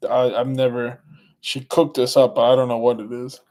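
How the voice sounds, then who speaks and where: A man's voice: mid-range voice, level tone, normal speed, a little mellow. A middle-aged man hosting a casual live stream, rambling through stories and chatting with viewers. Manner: rambling, laughs while telling stories. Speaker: livestream host.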